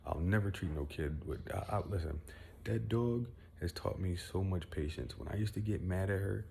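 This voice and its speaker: A man's voice: sits low, moderate pace, gravelly, warm tone, slight background noise. A young man venting at home to his followers in a rambling, boastful, profane monologue. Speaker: vlogger.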